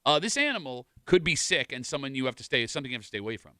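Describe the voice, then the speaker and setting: A man hosting a radio show, talking in animated, rambling banter with his co-hosts in a studio. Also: medium pitch, racing, dry recording. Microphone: studio microphone.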